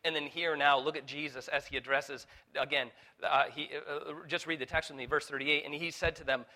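A man preaching a sermon as pastor, building to fervent peaks, with halting restarts and fillers along the way. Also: on the high side, fairly even intonation, bright, forceful tone. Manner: preaching with rising intensity, voicing Jesus in quotes.

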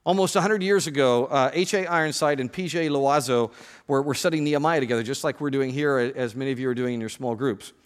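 A male pastor giving a sermon, lively and joking as he addresses the congregation directly. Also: medium pitch, fast, in a large hall.

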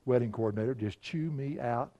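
A middle-aged male pastor preaches in an easy, conversational way. He moves from story to story and chuckles along the way. His voice sits at an ordinary middle pitch. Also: brisk, warm tone. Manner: folksy, conversational, chuckling anecdotes. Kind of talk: storytelling sermon.

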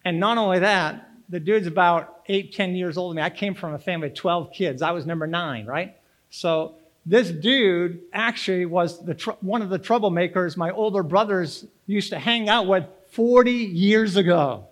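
A man, preaching a folksy, energetic sermon and urging the congregation to answer back. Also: high-pitched, moderate pace. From Boston area, Massachusetts. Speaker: pastor. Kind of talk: sermon with personal story.

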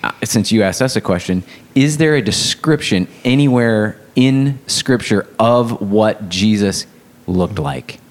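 A man's voice: on the low side, lively intonation, unhurried. A man telling a story in a casual faith discussion, rambling with lots of fillers. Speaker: podcast co-host.

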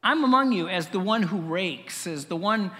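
A man's voice: high voice, lively intonation, normal speed, pushed and bright, long reverb tail. A man preaching a sermon as pastor, conversational and wry, with asides and chuckles.

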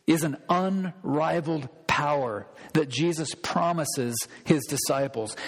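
A pastor delivering a sermon, emphatic and repeating key phrases for weight. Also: male voice, fairly high pitch. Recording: long reverb of a large hall.

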